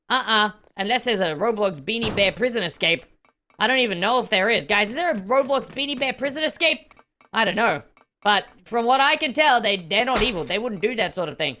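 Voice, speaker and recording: Excitable woman gaming host, bright and high, yelps and exclaims over play, faint game music underneath. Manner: excitable, exclamatory, often shouting. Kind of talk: excited gameplay commentary.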